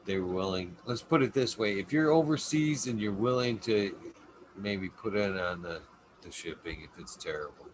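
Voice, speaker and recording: A man's voice: lowish voice, expressive, normal speed, a little hiss or hum. A man hosting a casual podcast chat, telling loose, profane stories and laughing, running a stream with a chat. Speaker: podcast host.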